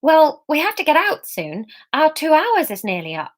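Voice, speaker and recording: A woman's voice: high-pitched, huge pitch swings, pitched above the performer's own voice. Woman doing a flustered, blunt young heroine. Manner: hurried, flustered.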